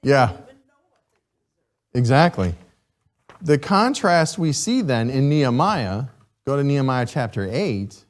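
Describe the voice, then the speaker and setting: A man teaching a Sunday school class, reading scripture and questioning his students in a lively, chuckling way. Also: medium pitch, takes it slowly, long pauses. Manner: animated, asks the class questions, chuckles often.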